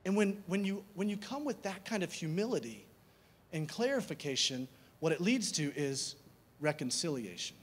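A pastor preaching a conversational sermon, asking rhetorical questions and repeating key words for emphasis. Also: male voice, on the high side, big pitch swings, moderate pace.

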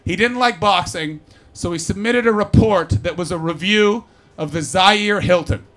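A man performing a stand-up comedy set on stage before a live audience, profane and animated, teasing the crowd. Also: high-pitched, moderate pace.

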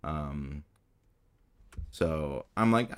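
A man's voice: rumbling low, animated, drawn-out words, smooth. A man in casual conversation, asking questions and talking thoughtfully and playfully about accents. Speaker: interviewer. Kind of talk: casual chat.

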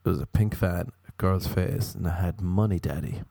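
A man's voice: low voice, moderate pace, creaky, mellow, slightly rough, no room sound. A man doing a stand-up comedy monologue, rambling and self-mocking with crude jokes.

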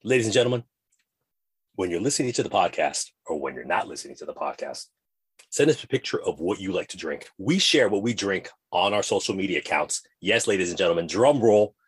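Husky-voiced man hosting a casual podcast. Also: deep voice, expressive, brisk. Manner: rambling, tangent-prone, playful. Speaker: podcast co-host.

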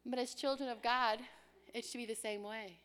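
Bright-voiced woman preaching dramatically. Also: on the high side, fairly even intonation, normal speed, clean tone. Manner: dramatic, acts out prayers and child voices, drops to whispers. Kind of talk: sermon.

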